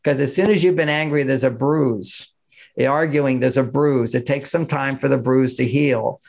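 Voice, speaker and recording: A man's voice: a little high, creaky. A man giving relationship advice as a podcast guest, talking in an emphatic, explanatory way with frequent chuckles. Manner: married, talks of his own marriage. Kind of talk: conversational advice in an interview.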